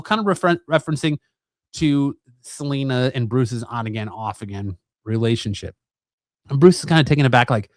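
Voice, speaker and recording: A man hosting a comic review channel, retelling a comic's plot in a relaxed, rambling way with lots of fillers. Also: mid-range voice, normal speed, no echo, clean studio sound. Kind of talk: casual comic book recap.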